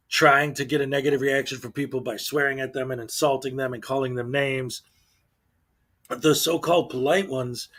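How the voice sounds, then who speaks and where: A man hosts his own channel and talks in an exasperated, casual commentary style. He often trips over his words, repeating them and starting sentences over. His voice sits at an ordinary middle pitch. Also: a bit bright. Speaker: channel host.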